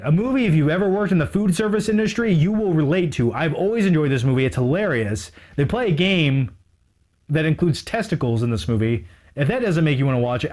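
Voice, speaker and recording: A man's voice: a little high, a little mellow. A talkative man with a voice sitting a little above the usual male range, chatting about his shelf in an off-the-cuff, rambling way. He sounds eager and mocks his own slip-ups as he goes. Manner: rambling, enthusiastic, self-mocking. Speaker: movie collector showing his shelf. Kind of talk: casual unscripted video.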